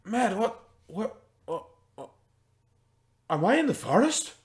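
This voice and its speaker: A man's voice: sits high, very animated, slow, voice pushed up, heavily acted. A man voicing a confused, starving male farmer who has just woken up in a tabletop game, stammering and repeating himself. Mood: bewildered.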